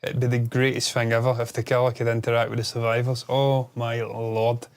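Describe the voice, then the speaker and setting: Casual co-host: animated man who swears freely and rambles. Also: medium pitch, fairly quick, smooth. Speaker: podcast co-host. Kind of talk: casual chat.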